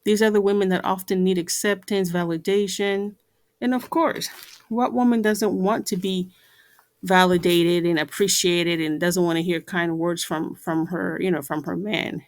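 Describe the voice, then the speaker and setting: A woman's voice: lowish voice, steady tone, normal speed. A woman giving an earnest talk to camera, repeating herself and using many fillers. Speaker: vlogger.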